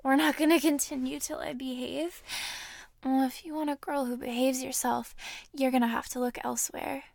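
A young woman in an intimate audio role-play, teasing and breathy, close to the microphone. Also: high voice, fairly even intonation, moderate pace, darkish tone, no echo.

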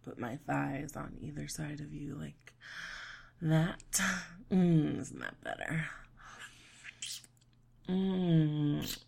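A young woman in a whispered role-play, teasing and bossy in her delivery, with a deep, gravelly voice. She takes her time over every phrase, and a husky breath sits under her words. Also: steady tone, very slow, long pauses. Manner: teasing, playful and bossy, with soft laughs and murmurs. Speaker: audio role-play performer.

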